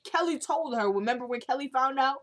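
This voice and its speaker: A woman's voice: high-pitched, animated, a little fast, a bit bright. A woman casually recapping a TV drama episode, opinionated and chatty, acting out characters' lines as she retells the scenes. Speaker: show recap host.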